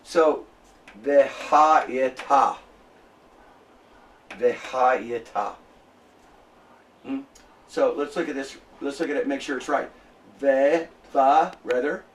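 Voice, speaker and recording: A man lecturing a classroom, slowly spelling out sounds and checking in with his students. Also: mid-range voice, steady tone, distant mic, slight background noise.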